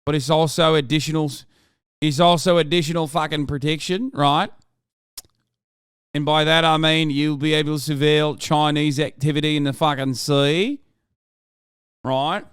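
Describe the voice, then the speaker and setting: A man's voice: a little high, fairly even intonation, normal speed, pauses often, fairly bright tone, clean tone, dry recording, studio quality. A man in his thirties ranting loosely and profanely as he reacts to the news on his livestream. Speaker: streamer. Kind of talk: casual livestream commentary.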